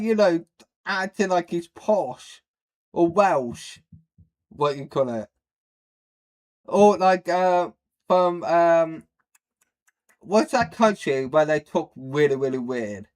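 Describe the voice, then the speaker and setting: Guy rambling through a reaction vid, kinda high voice, blunt and filler-heavy. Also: animated, slow pace, long pauses, a little mellow. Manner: rambling, blunt, lots of fillers, says he has a speech problem. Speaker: reaction video host. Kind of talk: casual reaction commentary.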